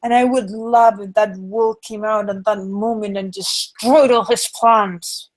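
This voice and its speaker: A woman's voice: mid-range voice, steady tone, measured pace. A woman on a podcast panel, speaking in an emphatic, outspoken way. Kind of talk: casual podcast discussion.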